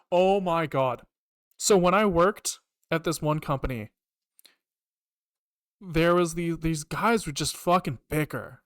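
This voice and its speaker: A young man streaming himself programming, chatting casually and swearing freely as he rants and explains code. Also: a little high. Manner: chatty, profane, animated ranting. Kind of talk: casual live coding stream chat.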